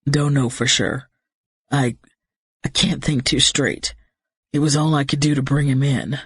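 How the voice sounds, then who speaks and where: A woman's voice: fairly even intonation, unhurried, breathy edge, no room sound, exaggerated voice. A woman voicing a terse, shaken male pilot. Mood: shaken, steady. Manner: low, terse, subdued. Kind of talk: audiobook character voice.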